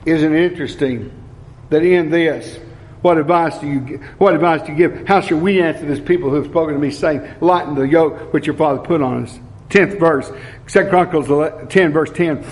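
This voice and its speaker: A middle-aged man preaching a sermon, earnest, slowing down and repeating lines for emphasis. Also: fairly high pitch, darkish tone. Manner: earnest, slows down for emphasis, repeats key phrases.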